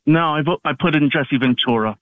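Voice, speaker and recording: A man's voice: on the high side, a little fast, no echo. A man calling in to a radio show, defensive and irritated, trading insults with the host. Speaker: caller. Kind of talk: heated call-in conversation. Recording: tinny phone line.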